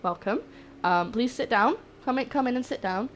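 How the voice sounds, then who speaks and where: A young woman streams herself cooking in her home kitchen, chatting and joking with viewers and greeting them warmly. Her voice sits on the high side with lively intonation at a normal speed, and there's slight background noise.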